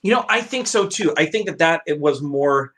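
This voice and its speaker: A man's voice: on the high side, animated, normal speed, a bit bright. Hesitant man hosting a casual live chat. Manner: hesitant, restarts often. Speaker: host.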